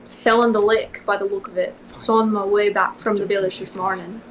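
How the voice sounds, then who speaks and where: A woman reading aloud puts on a Scottish accent to voice a gruff male groundskeeper, who drawls slowly. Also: high voice, flat delivery, distant mic, slight background noise, lightly acted, low-quality recording. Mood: matter-of-fact.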